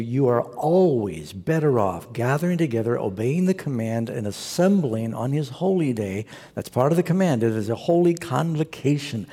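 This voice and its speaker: A man's voice: medium pitch, warm tone, slightly rough. A man preaching a sermon as a pastor, telling stories earnestly and exhorting the congregation. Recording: long reverb of a large hall.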